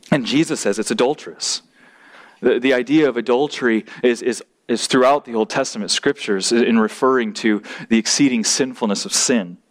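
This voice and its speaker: A man preaching a sermon, emphatic, often repeating words as he restarts. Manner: emphatic, rising in pitch and volume at points.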